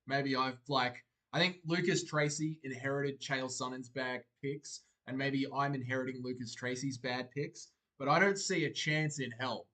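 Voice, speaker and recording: A young man hosting a livestream, reading viewers' comments aloud and answering them in a relaxed, chatty way. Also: mid-range voice, moderate pace, few pauses. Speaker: livestream host. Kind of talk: casual chat reacting to live chat.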